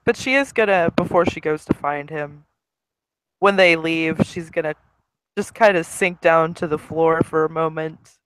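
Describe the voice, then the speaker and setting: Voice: medium pitch, a little slow, noisy background. A player narrating a character's actions in an improvised role-play.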